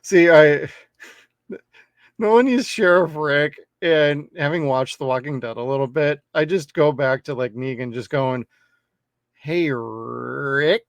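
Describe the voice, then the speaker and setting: This co-host talks a little slowly in a slightly high voice while casually reviewing a horror film on a podcast. He curses freely, stays relaxed, and laughs often. The audio is dull with no room sound.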